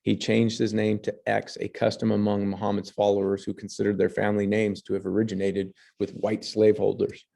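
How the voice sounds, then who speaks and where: A man's voice: on the low side, completely flat delivery, brisk, gravelly, hardly any pauses, warm tone. A man teaching history, reading passages and then commenting on pictures, with fillers and restarts. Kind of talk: lecture over slides.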